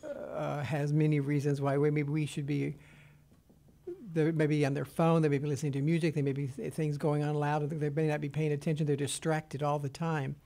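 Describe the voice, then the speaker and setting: A man interpreting sign language into speech in the first person, halting and hesitant as he goes. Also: fairly high pitch, little pitch movement, creaky, dark tone. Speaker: sign language interpreter voicing a deaf guest.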